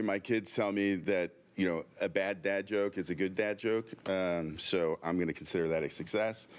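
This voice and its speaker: Deep-voiced folksy man. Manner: folksy, filler-heavy, joking. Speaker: agency staff presenter. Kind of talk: meeting announcements.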